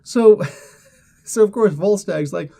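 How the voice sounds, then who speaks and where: Guy chatting about a comic, laughs a lot, mellow voice, does little character bits. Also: sits high, slow, gravelly. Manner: animated, laughing, acts out characters in quotes. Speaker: comic book reviewer. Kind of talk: casual retelling of a comic.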